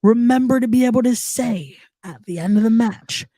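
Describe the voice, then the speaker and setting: A man's voice: extremely high pitch, moderate pace, dark tone, no echo. A man hosting a wrestling podcast in casual chat, often repeating himself and trash talking rivals playfully. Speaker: podcast host.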